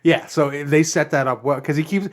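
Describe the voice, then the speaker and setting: A man's voice: on the high side, normal speed. Podcast guy cracking jokes, swears, chill film chat. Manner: wisecracking, profane. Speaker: podcast co-host. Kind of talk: casual film discussion.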